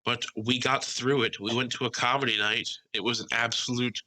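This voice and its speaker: A young man co-hosting a casual podcast, telling animated stories, swearing freely and mimicking other people's voices. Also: mid-range voice, brisk, poor audio. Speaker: podcast co-host.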